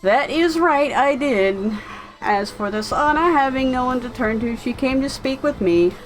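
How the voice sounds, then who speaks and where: A woman's voice: sits high, animated, unhurried, faint music behind, poor audio. A woman voicing a scheming, pompous male villain doctor who gloats with a theatrical laugh. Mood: gloating.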